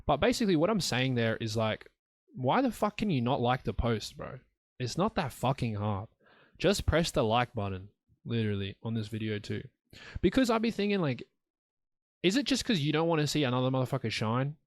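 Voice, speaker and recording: A man's voice: mid-range voice, very animated, a little fast, no room sound. A young man hosting a solo podcast, talking in a blunt, profane, rambling way. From Australia. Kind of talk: rambling casual monologue.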